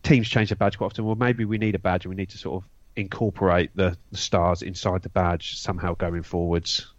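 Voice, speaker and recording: A man co-hosting a casual football podcast gives his opinions forcefully, stumbling and restarting as he goes. His deep voice stays level at a fairly quick pace, and the dry recording sounds dull and slightly lo-fi.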